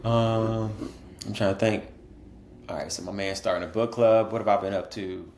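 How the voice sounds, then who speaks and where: A man's voice: lowish voice, steady tone, normal speed, a little mellow, roomy sound, slight background noise. A man co-hosting a podcast in casual chat, laid-back and rambling, laughing often. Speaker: podcast co-host.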